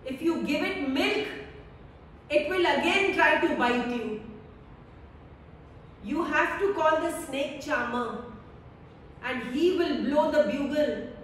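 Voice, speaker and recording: A woman giving a calm, meditative devotional talk on scripture, with a slow, repetitive, soothing delivery. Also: high-pitched, a little hiss or hum. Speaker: spiritual teacher. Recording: echoey hall, voice from far off.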